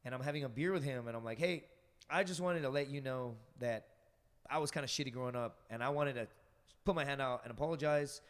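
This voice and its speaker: A man's voice: medium pitch, fast talker, in a large hall. A man telling stories as a podcast guest, rambling and profane, full of fillers. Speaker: podcast guest, stand-up comic. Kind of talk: casual storytelling on a podcast.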